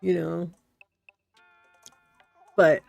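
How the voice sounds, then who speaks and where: Brief: easygoing woman game streamer, gravelly voice, slow chatty delivery. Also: lowish voice, level tone, darkish tone, lo-fi sound, faint music behind. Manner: chatty, giggly, talks to her viewers. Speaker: streamer, host. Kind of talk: relaxed gameplay commentary.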